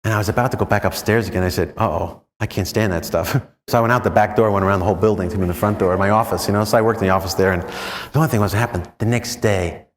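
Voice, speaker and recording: A Jesuit priest giving a rambling, chuckling retreat talk, telling anecdotes and asking the group questions. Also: male voice, lowish voice, fairly even intonation, very fast. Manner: rambling, chuckling storyteller who asks the audience questions. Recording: long reverb in a large room.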